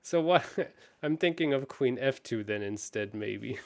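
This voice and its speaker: Male co-host, mid-pitched, chatty, thinks aloud, laughs a lot. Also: expressive, measured pace, creaky. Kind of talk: casual chess chat.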